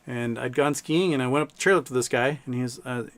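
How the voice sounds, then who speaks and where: Talking fast in a medium-pitched voice, this thirtysomething livestream host wanders through casual stories loaded with filler words.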